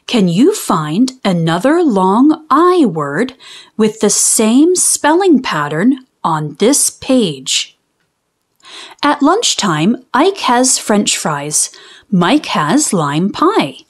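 A woman reading a children's book aloud and explaining phonics in a clear, teacherly way. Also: mid-range voice, big pitch swings, very slow. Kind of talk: read-aloud storytime with phonics lessons.

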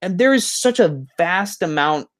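A man's voice: high-pitched, expressive, a little slow. A man hosting a livestream on a headset, chatting casually and reading out viewer comments in a rambling way. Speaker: YouTube livestream host.

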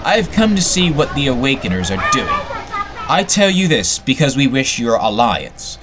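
A man's voice: medium pitch, wildly swooping pitch, normal speed, heavy background noise. A man reading a solemn, formal servile spy. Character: quiet pale male servile spy, solemn.

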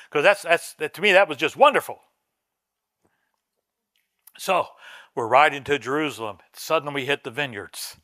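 A man preaching a sermon as pastor, telling a story with swings from soft asides to loud emphatic lines. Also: medium pitch, dry recording, clean studio sound. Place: church sanctuary.

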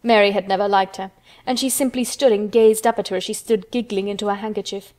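A woman reading a children's storybook aloud in steady, measured narration. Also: medium pitch.

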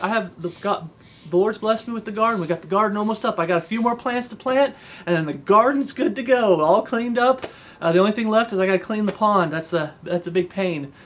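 A man's voice: sits high, a little hiss or hum. A man giving an informal devotional sermon in an earnest, conversational way, reciting old-style scripture and often checking in with his listeners. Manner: recites King James scripture aloud. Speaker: preacher.

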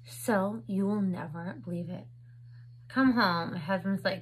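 A woman's voice: mid-range voice, a little slow, breathy edge, low-quality recording. A woman in her thirties chatting casually at home while unboxing makeup for her vlog, full of "like" and "um". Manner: chatty, filler-heavy with lots of "like" and "um". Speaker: beauty vlogger. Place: home, indoors. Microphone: camera on a stand with ring light.

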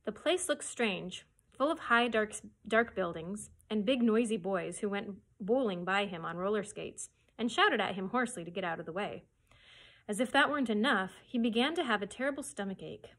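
A woman librarian reads a children's chapter book aloud at story time. Her delivery is expressive, with a middle-range pitch. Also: normal speed.

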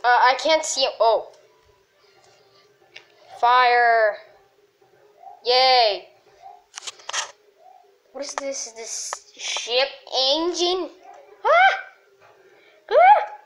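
A woman commenting on a game she is playing, excitable and full of yelps and exclamations. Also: high-pitched, very slow, pauses often, a little hiss or hum. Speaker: gamer. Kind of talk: let's play commentary.

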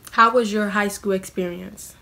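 A woman's voice: medium pitch, gravelly, a bit bright. A young woman, chatting in a casual question-and-answer vlog. She is self-mocking and scatters "like" through her talk. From New York City. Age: young adult. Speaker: vlogger.

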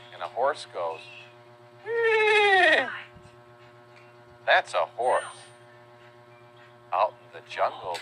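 A man slowly teaching young children animal names, patient and sing-song, spelling words letter by letter and imitating animal sounds. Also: low-pitched, noisy background. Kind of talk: slow, simple teaching narration for young children.

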